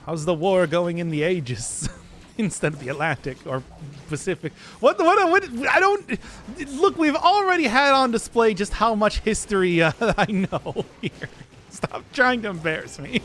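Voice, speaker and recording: A man's voice: high-pitched, big pitch swings, normal speed, fairly bright tone, slight background noise. A man streaming a game, giving casual commentary full of giggly, self-deprecating banter with his chat.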